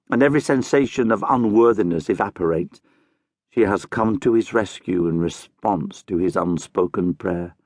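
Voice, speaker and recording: A man narrating a crime novel audiobook in a measured, dramatic storytelling manner. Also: on the low side, no echo, clean studio sound.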